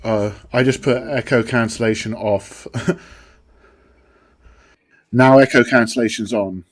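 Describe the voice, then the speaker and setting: A man's voice: mid-range voice, steady tone, measured pace. A man with a British accent co-hosting a casual live stream, laid-back and swearing casually. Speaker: co-host.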